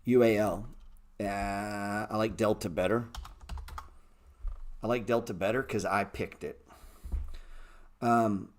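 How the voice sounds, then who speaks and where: A man's voice: on the low side, fairly even intonation, takes it slowly, pauses often. A middle-aged man hosting a casual trading livestream, blunt and profane as he lectures viewers in the chat. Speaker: trading show host answering viewer chat.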